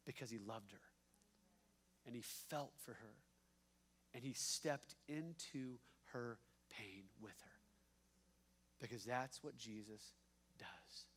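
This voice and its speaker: A male pastor preaching a sermon. He swings from hushed, slow lines to loud, emphatic ones, with a repeating cadence and playful asides. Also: sits high.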